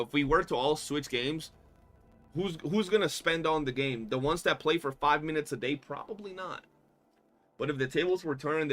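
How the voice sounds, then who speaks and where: A young man livestreaming a game, talking in a loose, animated, slangy way and swearing often. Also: medium pitch. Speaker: streamer. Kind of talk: casual gaming livestream chat.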